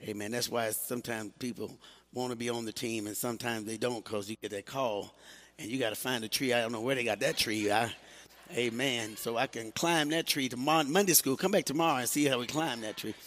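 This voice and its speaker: A man's voice: mid-range voice, brisk, a bit bright, a little hiss or hum. A man, a pastor, chatting with his congregation during a church service and often breaking in with "amen". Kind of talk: sermon and greeting the congregation. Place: church sanctuary.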